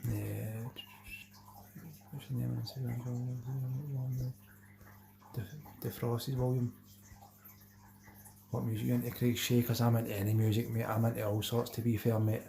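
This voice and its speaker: A man's voice: mid-range voice, flat delivery, unhurried, creaky, long pauses, warm tone. A Scottish man from Glasgow hosting a casual fishing livestream, chatting with viewers by name and calling them "mate" all the time. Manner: chatty, says "mate" constantly, reads out viewer names. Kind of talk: casual live chat with viewers.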